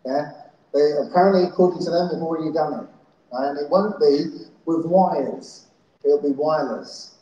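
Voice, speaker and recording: A man's voice: a little high, moderate pace, dark tone, lo-fi sound. A man giving a talk at a festival, often checking in with the crowd with "yeah?" and "right?". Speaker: conference speaker. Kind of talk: live talk to an audience. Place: festival hall. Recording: very echoey hall.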